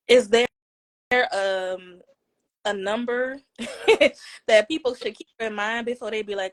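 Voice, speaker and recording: Higher-voiced reflective woman, dry sound. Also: no echo, low-quality recording. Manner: reflective, halting, laughs between thoughts. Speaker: podcast co-host. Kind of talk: casual chat.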